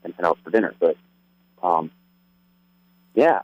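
A man's voice: low-pitched, animated, a little slow, no room sound. A man calling in to a radio show on his cell phone, easygoing and hesitant. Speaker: caller. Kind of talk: casual phone call. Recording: tinny phone line.

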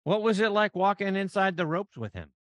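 A man's voice: high voice, very animated, fairly quick, no echo, studio quality. A male podcast host asking prepared interview questions with enthusiasm.

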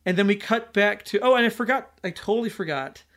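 A man's voice: high voice, fast talker, fairly bright tone. A man hosting a podcast, recapping a film plot in a loose, rambling chat full of fillers and restarts. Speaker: podcast host.

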